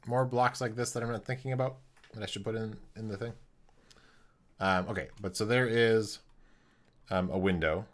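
A man streaming a building game, thinking aloud in a casual, halting way with many pauses. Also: lowish voice, a bit bright. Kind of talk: casual live-stream commentary while building.

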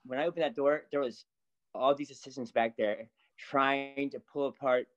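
A man, a salon stylist, telling a story as a guest in casual chat, animated and laughing often. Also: medium pitch, normal speed, muffled recording.

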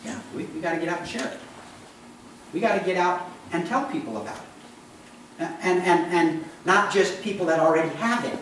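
A man's voice: sits high, lively intonation, normal speed, a bit bright, slight background noise. Conversational male pastor in echoey church. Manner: conversational, asks the congregation questions. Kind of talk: sermon. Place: church sanctuary. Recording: echoey church hall, mic from a distance.

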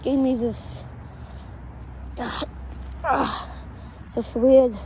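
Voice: high voice, fairly even intonation, extremely slow, darkish tone, a little hiss or hum, full character voice, low-quality recording. A performer voicing a grumpy young loner who tinkers with drones, talking through a voice changer in a British accent with a lisp, half-whispering and grumbling to himself. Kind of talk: muttered solo role-play. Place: outdoors in woods.

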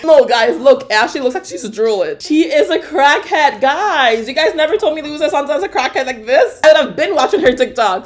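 A young woman from Canada giving casual reaction commentary, excitable and exclamatory, laughing often. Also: sits high, moderate pace, music in the background. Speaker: reaction vlogger.

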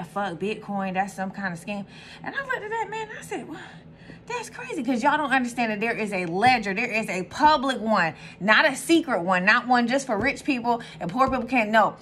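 A young woman hosting her own channel in casual, animated chat, swearing freely and jumping to sudden high squeals. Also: slight background noise. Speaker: tarot reader and channel host.

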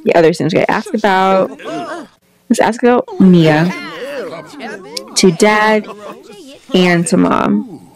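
A woman's voice: medium pitch, takes it slowly, pauses often. A young woman giving casual, chatty commentary on a life-simulation game, exclaiming often and voicing what the characters think. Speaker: gameplay vlogger.

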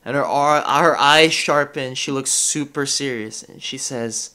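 A man's voice: mid-range voice, unhurried, few pauses, bright, forceful tone. Guy gm narrating a tabletop game, lots of sort of and uh, voice chat mic. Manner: hesitant, full of "sort of" and "uh". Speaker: game master.

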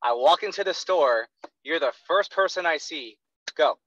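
A man's voice: a little high, animated, moderate pace, a bit bright, no echo. A man coaching a salesperson over an online call, blunt, profane and intense, with dull, dry call audio. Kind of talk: blunt coaching role-play session.

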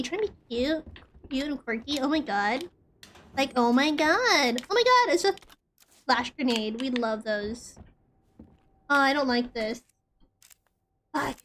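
A woman's voice: high-pitched, a bit bright, a little hiss or hum. A woman streaming a horror game, rambling nervously, swearing often and filling her talk with "like". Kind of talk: casual gameplay commentary.

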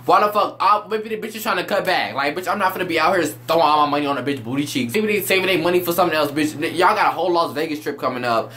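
A young man giving a loud, animated, profane rant as he reviews a reality show. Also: a little high, very fast, few pauses.

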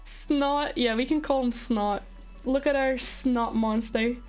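A woman streaming a video game live, gushing and excitable as she chats with her viewers. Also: on the high side, slow. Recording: faint background music.

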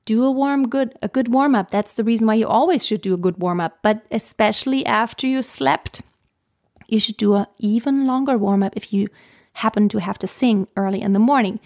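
Chatty woman vocal coach, fairly high voice. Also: fairly quick, a little mellow. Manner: chatty, laughs often, restarts sentences. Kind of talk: casual teaching monologue.

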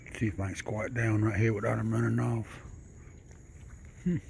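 A man filming outdoors at night, talking low and coaxing in a soft sing-song call that rises in pitch. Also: level tone, moderate pace, vocal fry, a little hiss or hum. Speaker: wildlife video maker. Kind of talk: hushed narration while filming animals. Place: outdoors at night near a house.

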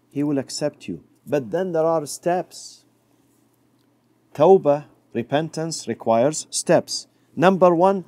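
A middle-aged man gives a sermon, telling a story in an animated but slow way and lowering to a soft, quiet voice whenever he quotes someone. The recording has no room sound.

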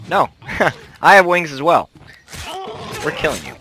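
Young man, playful lively game commentary. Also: a little high, measured pace, pauses often, background noise. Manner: playful, rambling, bursts into loud shouts. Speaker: gameplay commentator. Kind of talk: casual gameplay commentary.

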